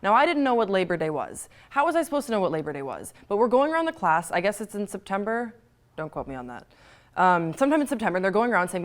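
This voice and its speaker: Fast-talking young woman with an American accent. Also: mid-range voice, very animated. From Belgium. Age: young adult. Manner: playful and self-mocking. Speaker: student show presenter. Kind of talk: comic personal story to camera.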